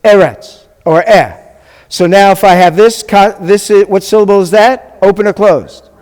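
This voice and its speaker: High-voiced man teaching in a reverberant hall. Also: normal speed, a little mellow. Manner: drills sounds with the class, joking asides. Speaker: rabbi teaching a Hebrew class. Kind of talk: live classroom teaching. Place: congregation classroom.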